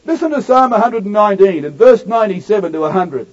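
A man preaching a sermon in a high voice, turning suddenly from loud, ringing declamation to hushed, intimate asides. The recording is dull and lo-fi, with the top end muffled. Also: animated, fast.

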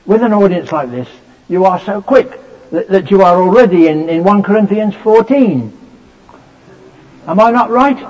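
A man preaching a sermon, explaining scripture in a measured way with many fillers and restarts. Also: a little high, a little mellow. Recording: dull lo-fi recording.

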